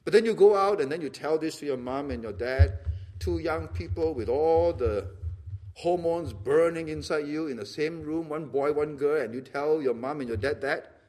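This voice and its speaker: Animated high-voiced preacher. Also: male voice, moderate pace. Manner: animated, acts out little dialogues, laughs often. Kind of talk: sermon.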